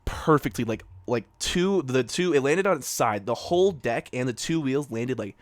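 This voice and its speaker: A man's voice: mid-range voice, lively intonation, normal speed, dry recording. A young man in a middle voice rambles through a story for his friends. He swears freely, fills gaps with fillers and acts out what people said. His voice is dry and close, with no room sound around it. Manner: rambling, profane, lots of fillers and acted-out quotes. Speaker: podcast co-host. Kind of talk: casual storytelling among friends.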